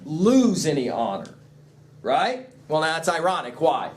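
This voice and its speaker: A man's voice: fairly high pitch, a little slow. A man teaching a literature class, lecturing and throwing questions at his students. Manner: asks the class questions, lively explaining. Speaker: English teacher.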